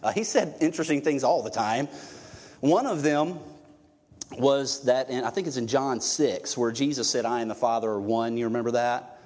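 A man's voice: mid-range voice, normal speed, darkish tone. Man, pastor, conversational and emphatic preaching, echoing sanctuary. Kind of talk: sermon. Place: church sanctuary. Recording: long hall reverb.

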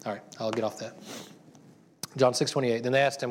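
A man's voice: mid-range voice, level tone, fast, a little mellow. Chatty male pastor preaching casually. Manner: casual and chatty, with frequent restarts and laughter. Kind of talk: conversational sermon.

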